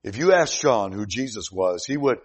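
A man preaching a sermon, reading scripture aloud and swinging between loud, emphatic declarations and quiet, slowed passages. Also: on the low side, lively intonation, slightly rough.

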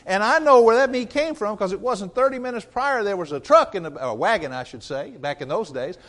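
A man's voice: high voice, fairly bright tone, pitched above the performer's own voice. A preacher voicing a nosy male churchgoer who tattles on a fellow member in an emphatic, breathless way.

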